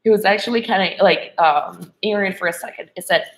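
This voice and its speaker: A woman love coach with a mid-range voice speaks fairly quickly, delivering a motivational spiritual talk to women. The recording is low quality with slight background noise, and she keeps checking in with "okay?" and "right?" as she goes.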